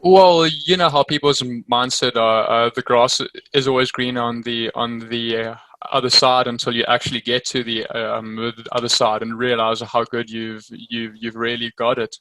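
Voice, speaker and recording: Bright-voiced hesitant man from Africa. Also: mid-range voice, level tone, normal speed, no room sound, rough recording. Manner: hesitant, many fillers, laughs easily. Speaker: guest. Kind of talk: casual interview.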